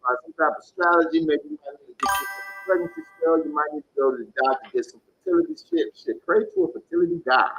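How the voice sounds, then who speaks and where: Male tarot reader on a live stream, slightly high and very expressive voice, blunt and swears a lot. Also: fast, creaky, few pauses, muffled recording, soft background music. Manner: blunt, animated, swears freely.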